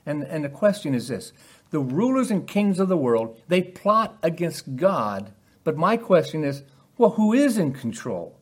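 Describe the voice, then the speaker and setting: A man preaching a sermon, posing rhetorical questions and acting out quoted lines with animated emphasis. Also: fairly high pitch, slightly rough.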